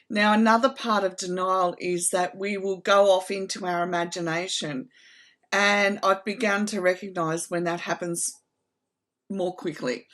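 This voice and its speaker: A middle-aged woman giving an earnest, heartfelt reflective talk to camera, slow and emphatic. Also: mid-range voice. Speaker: trauma recovery channel host.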